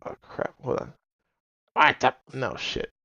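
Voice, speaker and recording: A man's voice: measured pace, sharp tone, dry recording, muffled recording. A Canadian man chatting casually and telling a story on a livestream, laughing often and mocking himself. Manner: giggly, self-deprecating. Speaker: streamer, storyteller. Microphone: own stream mic.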